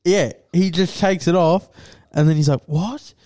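A man's voice: on the high side, steady tone, moderate pace, dark tone. A man co-hosting a casual podcast, telling rambling stories and swearing a lot. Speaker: podcast co-host. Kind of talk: casual crude chat.

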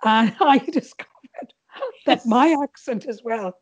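A middle-aged woman from India with a Bengali-influenced English accent, telling stories as a podcast guest in an animated way, laughing at times. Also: on the high side, slow, breathy edge, lo-fi sound. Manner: animated, laughing, with frequent restarts. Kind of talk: reflective storytelling.

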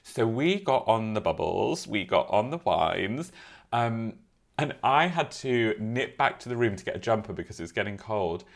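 A man's voice: lowish voice, big pitch swings, normal speed, gravelly. A man spins a story with theatrical flair, and his voice swings widely up and down. He acts out every quote as he goes, in a casual podcast chat. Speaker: podcast co-host.

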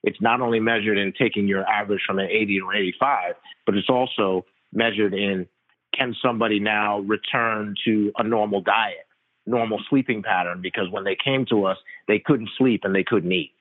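A man, a physician interviewed as a guest, telling stories in an animated, slangy, casual way. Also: lowish voice, moderate pace, no echo. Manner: animated, slangy, tells stories with quoted dialogue. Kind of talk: casual conversational storytelling. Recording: dry tinny phone-like line.

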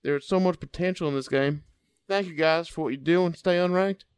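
A man voicing a tired old male prospector with a put-on American Southern accent, reading a listener letter slowly and with a drawl. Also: a little high, clear, resonant tone, lightly acted. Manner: slow, drawn-out delivery.

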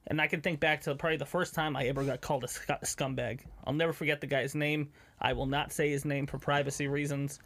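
A man's voice: fairly high pitch, flat delivery, fast, a bit bright. A man co-hosting a casual podcast, telling stories from his car sales days and laughing often. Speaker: podcast co-host.

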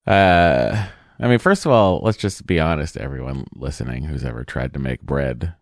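A man's voice: rumbling low, normal speed, dry recording, clean studio sound. A man co-hosting a podcast, chatting casually and joking, rambling with fillers. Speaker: podcast co-host. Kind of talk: casual chat.

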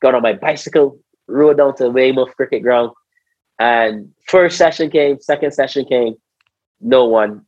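A man from Barbados with a Barbadian accent, a former cricketer telling stories in a casual conversation, animated, slangy and repeating his words. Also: mid-range voice, measured pace, no room sound, lo-fi sound. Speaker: interview guest, former cricketer.

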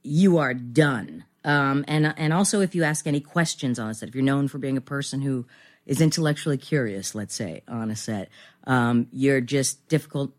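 A woman's voice: extremely low pitch, brisk. A middle-aged woman actor talking candidly as an interview guest, rambling and self-deprecating with many fillers.

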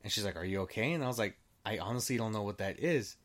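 A man's voice: on the low side, animated, quick pace, fairly bright tone. A man telling a personal story in casual chat. He rambles, restarts often and swears freely as he acts out what people said. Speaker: storyteller guest.

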